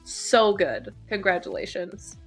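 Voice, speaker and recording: A woman hosting a livestream, chatting casually and warmly while playing game entries. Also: medium pitch, slow pace, soft background music. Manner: relaxed, friendly, laughs easily.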